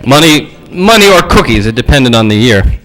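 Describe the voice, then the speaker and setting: A male preacher giving a storytelling sermon, animated and acting out the voices in his stories. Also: medium pitch, moderate pace, low-quality recording.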